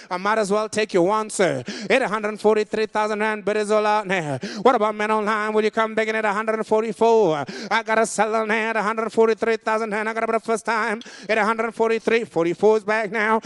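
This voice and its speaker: A man calling a live vehicle auction in a fast, rhythmic chant, pleading for bids. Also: high-pitched, clean tone, no echo, studio quality.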